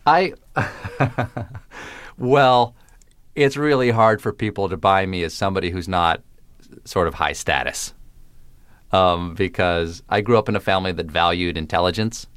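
Wry, crisp-spoken man, low voice. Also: a little slow, pauses often, fairly bright tone, dry recording. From American South. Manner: wry, precise diction, playful. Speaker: guest, comedian. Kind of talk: radio interview conversation.

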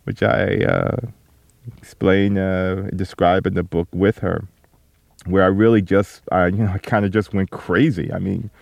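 A middle-aged man answering interview questions slowly and reflectively, with many fillers and restarts. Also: sits low, flat delivery, gravelly, a little mellow, no echo. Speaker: interview guest, author.

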